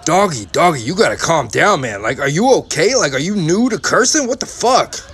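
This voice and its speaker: A man plays a hyped-up, loud cartoon dude who gets shrill when he's worked up. The voice has a gravelly, fried texture under it. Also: normal speed, heavily acted. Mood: excited. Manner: loud, excitable, high-pitched when worked up. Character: excitable young man calling everyone doggy.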